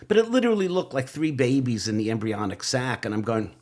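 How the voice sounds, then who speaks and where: An older man tells stories in a relaxed interview, his voice sitting at an ordinary middle pitch. He is animated, slips into quoted voices and asides, and laughs along with his own tales. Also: quick pace. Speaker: guest, TV writer and producer. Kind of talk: relaxed storytelling in conversation.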